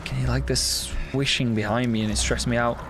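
A man streamer giving casual commentary while playing a horror game, excitable, swearing often and chatting with his viewers. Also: medium pitch, fairly quick, music in the background.

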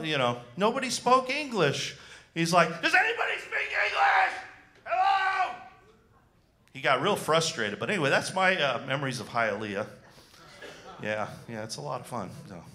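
A man doing a stand-up comedy set on a club stage, self-deprecating and animated, talking into a handheld mic with frequent fillers. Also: medium pitch.

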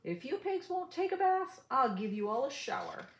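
A woman voicing a hot-tempered, scheming male farmer who shouts in exasperation in a storybook reading. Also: high voice, very animated, normal speed, reverberant, voice pushed up. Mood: determined.

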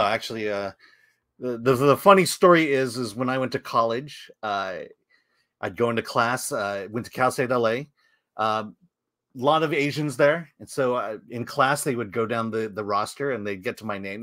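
A man co-hosting a film talk livestream, laid-back and quick to laugh. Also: medium pitch, no echo. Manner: laid-back, laughs often, animated storytelling. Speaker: co-host of a film talk show. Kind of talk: casual livestream chat.

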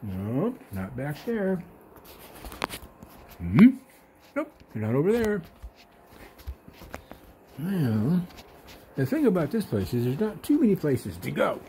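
A man's voice: a little high, huge pitch swings, slow pace, pauses often, warm tone, a little hiss or hum. A man at home, counting aloud and then musing to himself as he searches the rooms.

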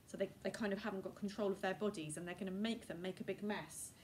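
A woman's voice: mid-range voice, fairly even intonation, fast, a little mellow. A woman, a primary school teacher thinking aloud as she models her writing in a chatty recorded lesson. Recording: distant mic, faint room noise.

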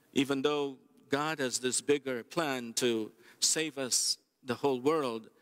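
Slow-speaking priest at Mass. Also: male voice, medium pitch, a bit bright. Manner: measured, unhurried, with plain restarts in the homily. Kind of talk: Mass readings and homily. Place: church.

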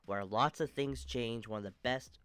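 A young man hosting his own channel, talking casually about a sports video game franchise in a stuffy, monotone voice, rambling with many fillers and restarts. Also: moderate pace, clean tone, dry recording. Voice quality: monotone, low energy. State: stuffy nose. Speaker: channel host.

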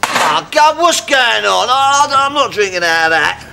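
Grumbling boozy regular. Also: male voice, high voice, sing-song, a little slow, creaky, background noise, exaggerated voice. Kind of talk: sitcom acting.

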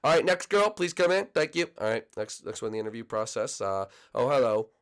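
A man's voice: mid-range voice, lively intonation, brisk, natural voice. A man voicing a flustered young bachelor who interviews dating contestants, stammering and bossy. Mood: exasperated. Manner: hesitant, stammering, bossy with his guests.

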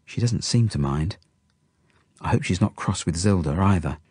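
A man narrates a children's novel in the first person, steady and intimate. His voice is low with a slight husk. The recording is dry and close. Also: normal speed, husky, no room sound. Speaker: audiobook narrator.

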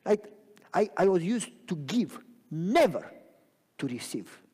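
Dramatic preacher in a reverberant church. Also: male voice, high-pitched, very animated, slow pace, husky. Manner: dramatic, swings from loud cries to near whispers; asks the audience if they follow him. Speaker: pastor. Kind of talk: sermon. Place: church sanctuary. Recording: long reverb of a church hall.

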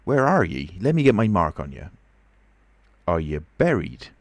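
A man's voice: low voice, sing-song, moderate pace, a little mellow, dry recording. A man putting on a blustering, panicky old tramp. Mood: bewildered, blustering. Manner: coarse rustic speech, bewildered and bluster. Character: frightened, blustering male tramp.

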